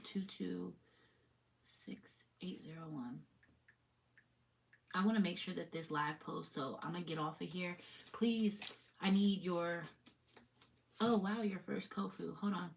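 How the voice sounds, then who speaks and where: Her voice sits on the low side with a creaky quality, and she speaks at an ordinary speed. This spiritual reader rambles through a loose livestream chat, swearing casually along the way, recorded on a distant mic with a little background noise.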